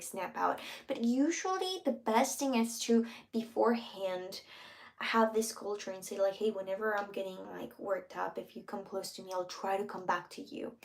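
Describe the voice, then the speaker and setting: A woman giving casual relationship advice, earnest, sometimes acting out soft whispered example lines. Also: medium pitch, vocal fry. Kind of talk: casual advice talk to camera.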